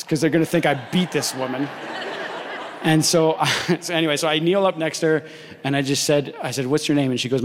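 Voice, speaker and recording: A young man preaching a sermon, animatedly acting out the voices in his story. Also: mid-range voice. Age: young adult. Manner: animated, acts out dialogue in story. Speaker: pastor. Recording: long hall reverb.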